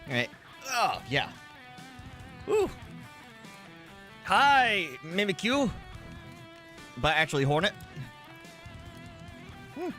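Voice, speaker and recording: A man's voice: a little high, huge pitch swings, slow, pauses often, pushed and bright, faint music behind. A man streaming a game live, chatting loosely while eating spicy food and coughing now and then. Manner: rambling, eating while talking. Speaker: gaming streamer. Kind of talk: casual live-stream chat.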